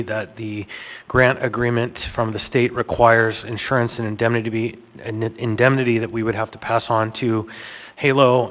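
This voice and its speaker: A man chairing a public meeting, calm and procedural, recorded in an assembly chamber. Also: medium pitch, in a large hall.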